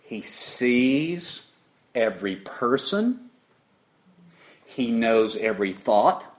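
A man preaching an interactive sermon, putting questions to the congregation in an emphatic, deliberate way. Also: mid-range voice, lively intonation.

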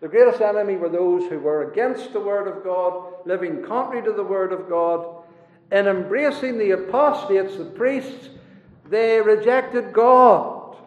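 A man preaching a sermon, swinging between loud rising declarations and hushed low asides. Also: normal speed. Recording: roomy hall echo, dull lo-fi sound.

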